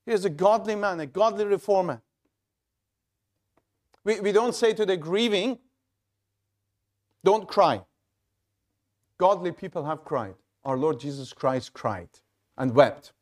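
A male pastor preaching a sermon in a measured, halting delivery with frequent restarts. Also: high voice, animated, darkish tone.

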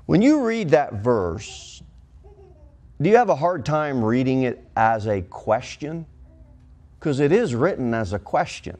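A pastor delivers a sermon from a church. His voice sits at a middle pitch for a man. He leans hard on key words, jumping up in pitch and slowing to a crawl to drive a point home. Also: sing-song, darkish tone. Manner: preaching with emphatic swings in pitch and pace.

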